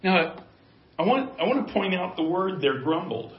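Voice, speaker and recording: A man's voice: sits high, sing-song, moderate pace. A male pastor preaching a sermon, emphatic and given to repeating key phrases for weight. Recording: echoey, dull lo-fi room sound.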